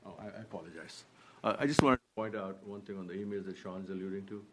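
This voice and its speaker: A man speaking as a city council member, halting and conciliatory, often stumbling and restarting his words. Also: sits low, steady tone, fairly bright tone, a little hiss or hum. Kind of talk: council meeting remarks. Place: council chamber.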